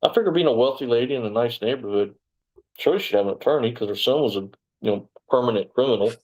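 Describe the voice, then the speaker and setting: A man's voice: mid-range voice, fast talker, a little mellow, rough recording. A man from Texas, a former police officer telling his story in a casual interview, rambling and digressive with lots of "you know".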